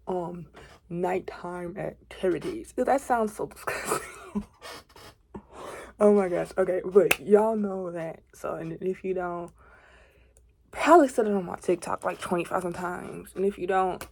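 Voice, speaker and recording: A woman's voice: medium pitch, creaky, a little mellow. A woman of twenty in a casual confiding vlog, rambling and chatty, with asides, self-corrections and dips into a whisper. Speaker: faith vlogger.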